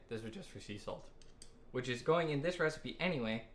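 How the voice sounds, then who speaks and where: A man's voice: medium pitch, quick pace. A man streaming live while baking, chatting to himself and to his viewers in a casual way. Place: home kitchen. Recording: roomy kitchen with clear background noise.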